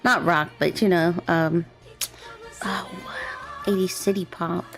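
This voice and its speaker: A young woman streaming as a VTuber, chatting casually and rambling while she draws, keeping her voice deliberately low and soft. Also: steady tone. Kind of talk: relaxed casual chat while drawing on stream. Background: faint gentle background music.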